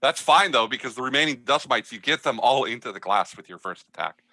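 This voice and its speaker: A man narrating a tabletop game as game master, telling the scene in a loose, halting way with many fillers. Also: medium pitch, expressive, pushed and bright, no room sound. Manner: hesitant, filler-heavy storytelling.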